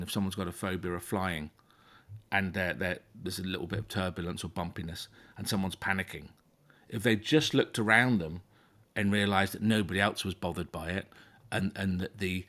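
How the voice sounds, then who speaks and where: A man with a fairly low voice explains things patiently in the calm, steady way of a therapist. He often restarts his sentences and repeats words as he goes, checking in with his listener along the way. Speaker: phobia therapist. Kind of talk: explaining to a guest in conversation.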